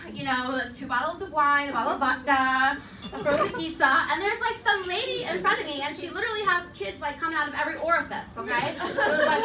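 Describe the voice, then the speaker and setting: A woman stand-up comedian on a club stage, telling brash, profane stories at a rapid clip. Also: very high-pitched, very noisy. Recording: echoey club, distant mic, loud crowd.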